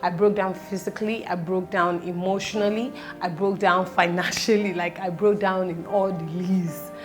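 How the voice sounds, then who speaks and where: A woman in her thirties speaking in a personal vlog, halting and close to tears, with faint music behind. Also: fairly low pitch, steady tone. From Nigeria. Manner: tearful, halting, fighting back tears. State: close to crying. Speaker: vlogger.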